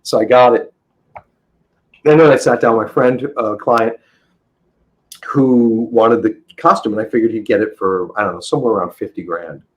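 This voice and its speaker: A man's voice: lowish voice, normal speed, pauses often, poor audio. A middle-aged man, a guest on a podcast, telling stories in a rambling, enthusiastic way full of restarts. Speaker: interview guest, comic book dealer. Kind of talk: casual podcast storytelling.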